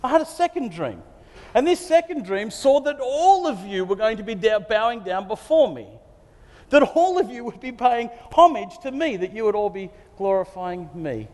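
A man's voice: sits high, sing-song, moderate pace, a little mellow. A man voicing a smug, bragging teenage boy in a sermon. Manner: gloating, showing off. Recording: long hall reverb.

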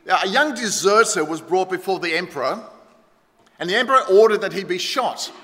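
A middle-aged Australian man preaches in a bright, high voice. He hits key words hard, then drops to a near hush. His voice rings through a church hall with a long reverb. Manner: emphatic preaching, swinging between loud stresses and hushed lines. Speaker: pastor. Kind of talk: sermon.

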